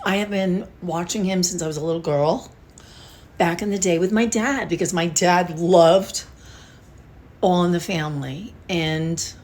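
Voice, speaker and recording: A woman's voice: fairly low pitch, darkish tone. An older woman talking casually and emotionally to her viewers, rambling with sighs and restarts. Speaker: beauty vlogger. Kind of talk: casual talk to camera.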